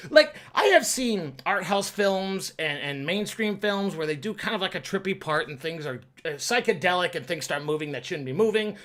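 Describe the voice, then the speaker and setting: A young man giving a casual, rambling movie review, excitable and quick to swear. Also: high voice.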